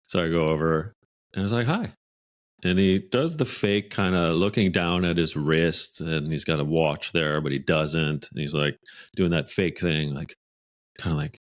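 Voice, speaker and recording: A Canadian man, a podcast guest, telling a workplace anecdote in a lively, animated way. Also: sits low, moderate pace. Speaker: guest author. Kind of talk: podcast storytelling.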